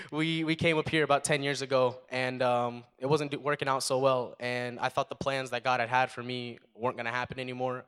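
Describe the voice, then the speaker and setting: A man's voice: mid-range voice, sharp tone, clean tone. Earnest young man sharing testimony. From United States. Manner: earnest, halting, many fillers. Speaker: testimony speaker. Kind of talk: personal testimony.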